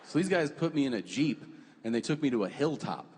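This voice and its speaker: Male stand-up comic, lively swinging pitch, deadpan profane delivery, long reverb of a hall. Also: fairly quick, a little hiss or hum. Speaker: stand-up comedian. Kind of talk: stand-up storytelling.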